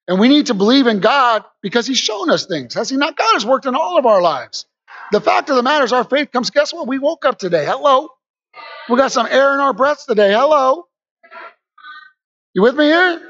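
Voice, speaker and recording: A man preaching a lively sermon to a church congregation, calling out to them and rising to shouts. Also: very high-pitched, muffled recording. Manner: energetic, call-and-response with congregation, rises to shouts.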